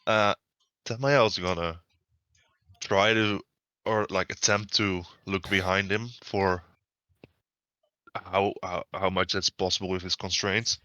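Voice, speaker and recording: A man with a fairly low voice playing a tabletop game and joking wryly. His mic sounds dull and slightly muffled, and the sound is dry. He delivers his jokes in a dry, wry way. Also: fairly even intonation, takes it slowly, long pauses, pushed and bright, no room sound. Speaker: player. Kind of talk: casual tabletop game play.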